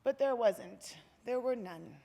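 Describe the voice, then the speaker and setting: A woman's voice: on the high side, animated, slow pace, gravelly, mellow. A woman from the Pacific Northwest giving a heartfelt, earnest public talk on a lecture hall stage. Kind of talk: public speech. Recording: long hall reverb.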